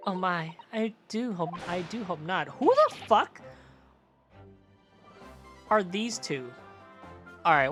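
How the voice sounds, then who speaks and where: An animated woman streams a game and reads its lines aloud. Her pitch leaps between put-on character voices and her own blunt, swearing remarks, with faint game music underneath. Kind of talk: live game playthrough with read-aloud dialogue.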